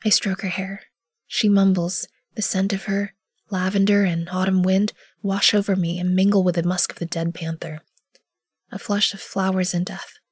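A woman narrating an audio drama in the first person, measured and often hushed. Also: mid-range voice, flat delivery, husky, no echo, clean studio sound. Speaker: narrator and lead character.

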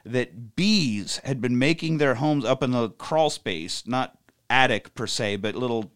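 A man telling a story in casual podcast chat, animated and profane, acting out other voices. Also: medium pitch, measured pace. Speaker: podcast co-host.

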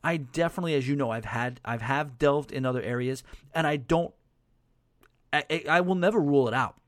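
A man hosting a podcast in casual chat, with a softened New York accent, rambling and correcting himself as he answers listener emails. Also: medium pitch, fairly quick, no room sound, clean studio sound. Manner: rambling, self-correcting, conversational. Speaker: podcast host.

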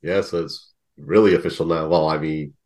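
A man's voice: very deep voice, steady tone, moderate pace, darkish tone. A man hosting a podcast, chatting casually and laughing often. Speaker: podcast host. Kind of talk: casual chat.

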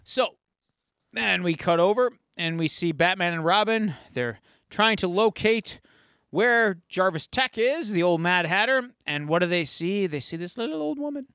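A man hosting a podcast, retelling an episode in an animated, storytelling way. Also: sits high, measured pace, smooth, no room sound, studio quality. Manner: animated storytelling, acting out quotes. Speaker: podcast host. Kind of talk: casual episode recap.

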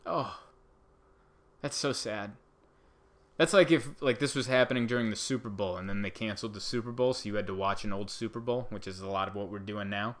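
A man doing a casual comedic monologue, rambling and exasperated, jumping into high mock outbursts. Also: a little fast. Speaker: comedian host.

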